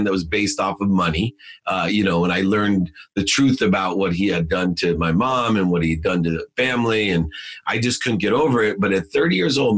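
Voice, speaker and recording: A man's voice: deep voice, a bit bright, rough recording. A middle-aged man, a podcast guest, telling a personal story with emphasis, frequent fillers and restarts, and a voice that climbs when he relives key moments.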